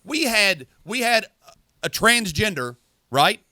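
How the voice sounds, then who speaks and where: A man, a former Marine, co-hosting a podcast in forceful, profane, heated casual talk. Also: high-pitched, big pitch swings, takes it slowly, no room sound. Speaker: podcast co-host.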